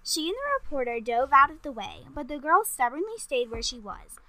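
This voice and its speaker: A woman reading a children's story aloud in a lively, expressive way. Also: sits high, moderate pace, poor audio.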